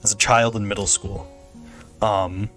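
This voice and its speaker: A man's voice: on the low side, little pitch movement, unhurried, a bit bright, faint music behind. A young man chatting casually on a game stream, rambling and joking with frequent laughter. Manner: rambling, jokey, laughs often. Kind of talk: casual gameplay stream chat.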